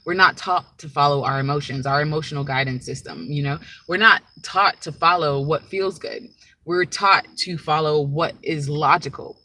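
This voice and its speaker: A woman's voice: deep voice, moderate pace, sharp tone, a little hiss or hum, poor audio. A woman speaking as a spiritual teacher in a casual, rambling monologue, often checking in with "right?" and "like".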